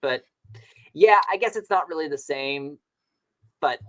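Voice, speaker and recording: A man from Long Island co-hosting a podcast, reacting excitably and emphatically in casual chat. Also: a little high, measured pace. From Long Island, New York. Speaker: podcast co-host.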